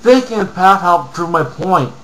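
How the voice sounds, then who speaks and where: Canadian guy ranting mad at comments he reads out, swears a lot, kinda high voice. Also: lively intonation, normal speed, a bit bright, rough recording. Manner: angry, profane, heated rant with mumbled asides. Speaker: vlogger. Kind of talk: ranting while reading online comments aloud.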